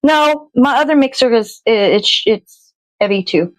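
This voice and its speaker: A woman's voice: on the high side, expressive, a little slow, no room sound, rough recording. A woman hosting a morning show, chatting casually and rambling to herself as she bakes in her kitchen, swearing freely. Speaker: host. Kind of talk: casual chat while baking. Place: home kitchen.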